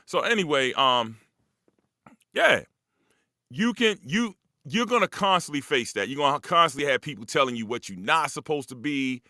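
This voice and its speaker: A man speaking hosts a casual live talk, loose, profane and rambling. His voice is bright and forceful and a little high. It is close-miked and dry, with no room around it. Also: animated, normal speed, dry recording. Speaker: host. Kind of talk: casual monologue to a live audience.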